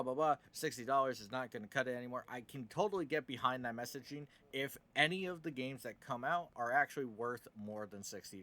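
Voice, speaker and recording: A man's voice: mid-range voice, pushed and bright. A man hosting casual gaming news commentary, opinionated and sarcastic, with many fillers.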